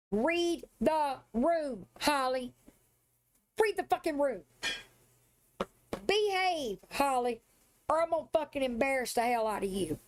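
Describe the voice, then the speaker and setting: High-voiced woman on a profane rant. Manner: profane, confrontational, sassy. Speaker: live streamer. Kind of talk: angry livestream rant.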